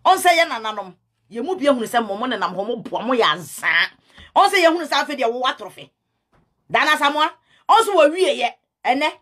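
A fast-talking Ghanaian woman who calls herself a prophetess rants heatedly at the camera in a fairly bright, high-leaning, sing-song voice. She scolds and keeps repeating herself, switching back and forth between her own language and English.

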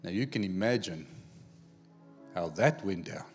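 A man preaching a sermon, telling a personal story in an animated way, acting out the dialogue and repeating words as he goes. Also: deep voice, measured pace, soft background music. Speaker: pastor.

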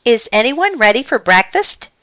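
Showy streetwise tomcat a lady putting him on, high and bright, crisp storybook voice. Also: sing-song, moderate pace, no echo, dull audio. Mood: boastful. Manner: boastful, showy. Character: scrappy streetwise male alley cat.

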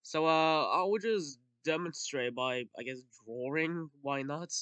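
A man's voice: on the high side, a little slow, fairly bright tone, clear, resonant tone, no room sound. A man rambling crudely as he narrates his homemade comedy animation.

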